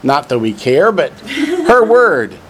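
Slow, deliberate male teacher drilling words. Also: fairly high pitch, very animated, fairly bright tone. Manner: dry joking asides between drilled words. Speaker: Hebrew teacher. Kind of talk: classroom lesson, reading from a textbook.

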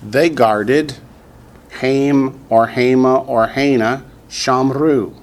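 A man with a Southern US accent teaching a language class in a classroom, drilling students slowly and patiently. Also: medium pitch, fairly even intonation. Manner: slow, patient drilling with repetition. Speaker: Hebrew teacher.

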